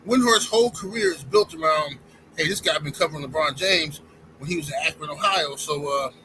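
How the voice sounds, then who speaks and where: In a rough recording with slight background noise, a man who runs a sports commentary channel delivers a heated, opinionated rant right at his audience, whom he calls y'all. His voice is fairly high and sharp, and his pace is brisk.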